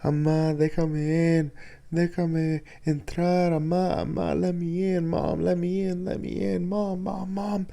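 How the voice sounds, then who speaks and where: A man's voice: on the high side, level tone, measured pace, creaky, dark tone, pitched above the performer's own voice. A man voicing a terrified young man pounding on his mother's door, begging in a panicked voice. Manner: panicked pleading.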